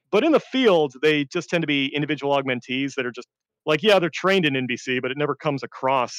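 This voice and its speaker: A man, a veteran, telling war stories in a rambling casual chat, often laughing and swinging between deadpan and excited. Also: mid-range voice, smooth, no room sound. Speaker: veteran storyteller.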